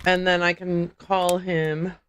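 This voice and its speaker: A woman's voice: fairly low pitch, flat delivery, slow pace, fairly bright tone, slight background noise, poor audio. Woman streamer thinking aloud over a game. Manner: thinking aloud, puzzling things out, chatty. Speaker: streamer playing a video game. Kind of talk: casual game commentary.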